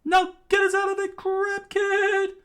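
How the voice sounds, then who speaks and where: A man doing a shrill, furious shouting youth. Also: monotone, unhurried. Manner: shouting, scolding. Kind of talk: reading a manga aloud.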